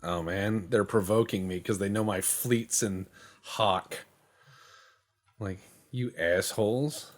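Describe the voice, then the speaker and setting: A man's voice: on the low side, fairly even intonation. A man casually commentating his gameplay, joking, swearing and mocking himself as he goes. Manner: slips into quick silly voices for other countries. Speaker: gaming channel host. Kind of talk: casual let's-play commentary.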